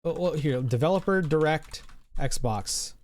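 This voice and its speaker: A man's voice: on the high side, expressive, unhurried, a little mellow. A man streaming live, chatting casually and rambling, swearing freely and answering his chat.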